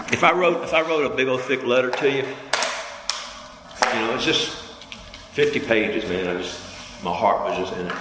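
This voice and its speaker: Male preacher, mid-pitch, chatty call-and-response delivery, roomy hall with long reverb. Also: measured pace, pauses often, noisy background. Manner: conversational preaching with call-and-response, pitch climbing high when fired up. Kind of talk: sermon. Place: church hall.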